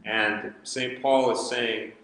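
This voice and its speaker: A man's voice: mid-range voice, level tone, slow, fairly bright tone. A man teaching a verse-by-verse Bible study in a conversational way, reading scripture aloud and chuckling now and then, in a large room. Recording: very echoey hall with long reverb.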